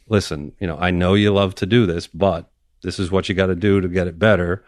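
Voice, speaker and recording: A man who is an orthopedic surgeon, a guest on a podcast, speaking in a relaxed, easygoing way with plenty of fillers. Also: low voice, fairly quick, no room sound, clean studio sound. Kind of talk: casual interview chat.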